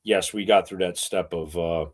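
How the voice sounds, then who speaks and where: A man co-hosting a casual chat show who rambles through animated stories full of fillers. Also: low-pitched, normal speed. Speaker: co-host.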